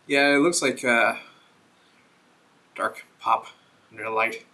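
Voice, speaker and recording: Bright-voiced man rambling through a review. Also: medium pitch, fairly even intonation, slow pace, pauses often, slight background noise. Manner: rambling, thinks aloud while reading a label. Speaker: beer reviewer host. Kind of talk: casual vlog review.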